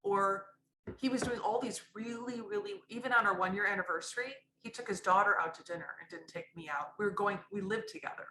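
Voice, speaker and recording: A woman's voice: mid-range voice, a little fast, bright, forceful tone, echoey room, a little hiss or hum, poor audio. A woman guest telling a raw personal story in a candid, rambling way, often restarting her sentences. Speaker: podcast guest.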